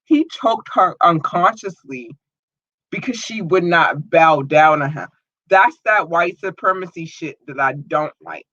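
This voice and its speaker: A woman's voice: on the low side, lively intonation, measured pace, fairly bright tone, no echo. Blunt, profane woman podcast host ranting. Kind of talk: live podcast rant. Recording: dull lo-fi audio.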